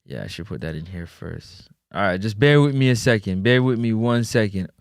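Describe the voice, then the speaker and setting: A man with a Jamaican accent hosting a casual football talk stream, playful and full of shout-outs and "boop" sound effects. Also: on the low side, lively intonation, a little fast, clear, resonant tone, no room sound, studio quality. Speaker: sports talk show host. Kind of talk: casual livestream football commentary. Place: indoors in a building overlooking a stadium.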